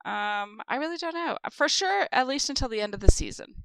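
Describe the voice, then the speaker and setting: A woman's voice: high-pitched, expressive, brisk, smooth, no echo. A woman co-hosting a podcast, telling stories in a rambling, chatty way with lots of fillers. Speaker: podcast co-host. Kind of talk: casual chat.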